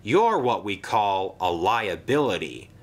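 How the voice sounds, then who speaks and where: A man voicing a cheeky prankster steam engine in a lifted, sly, quick voice. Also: on the low side, big pitch swings, exaggerated voice.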